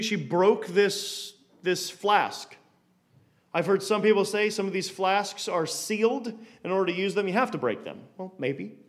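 A man giving a conversational Bible teaching, stumbling and repeating words as he asks rhetorical questions. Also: sits high.

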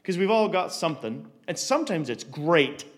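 Male Bible teacher, fairly high voice, conversational, stumbles and repeats words, leans on rhetorical questions. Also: sing-song, moderate pace.

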